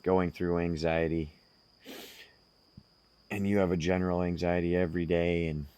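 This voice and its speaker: A man speaking slowly and earnestly, giving direct self-help advice to the listener. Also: low-pitched, little pitch movement, dark tone, clear, resonant tone. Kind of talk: casual advice monologue.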